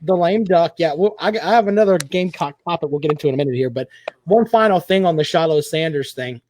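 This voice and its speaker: A man's voice: a little high, fast talker, a little mellow, slight background noise. A man hosting a sports talk show, giving opinionated commentary at length. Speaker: podcast host.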